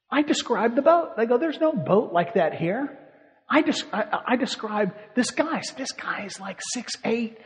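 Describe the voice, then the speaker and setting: A man preaching, telling a lively story with animation and frequent laughter. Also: very high-pitched, long reverb tail. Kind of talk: sermon storytelling.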